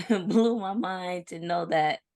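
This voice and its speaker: A woman podcast co-host with a fairly low voice chats with her guest. She tells stories in an animated, conversational way. The recording is dry and close. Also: takes it slowly, no echo. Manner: chatty, storytelling, animated retelling. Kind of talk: casual interview chat.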